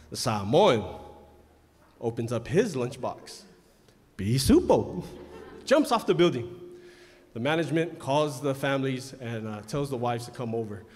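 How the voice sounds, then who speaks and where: Male emcee, chatty storyteller, mid-pitched voice, booming hall reverb. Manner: chatty, storytelling, loud announcements. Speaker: pageant emcee. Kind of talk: live emcee banter and joke telling. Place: large indoor event hall. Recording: long reverb in a large hall.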